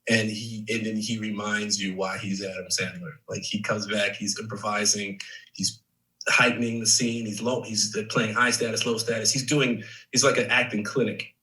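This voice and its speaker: Male actor guest, thirties, from Chicago; lively storyteller with a lowish, forceful voice, mic set back a little. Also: moderate pace, distant mic, rough recording. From Chicago, USA. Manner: animated storyteller, many fillers like "like" and "man". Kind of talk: casual interview chat.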